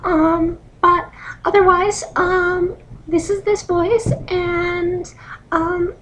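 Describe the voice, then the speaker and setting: A young woman demonstrating a squeaky, strained falsetto practice voice, halting with ums and cracking. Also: flat delivery, a bit bright.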